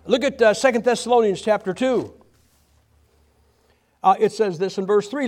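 A male preacher delivering a humorous, animated sermon, often restarting his sentences. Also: high-pitched, moderate pace, long pauses.

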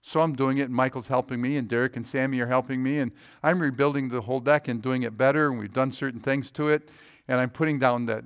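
A pastor in his sixties preaches a sermon in a clean, mid-range voice. He tells a personal story and frequently checks in with his listeners.

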